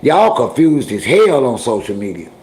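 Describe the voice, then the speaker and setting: A man's voice: mid-range voice, big pitch swings, normal speed, reverberant, noisy background. A man hosting a casual livestream, talking straight to his chat in a blunt, scolding, streetwise way. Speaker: livestream host.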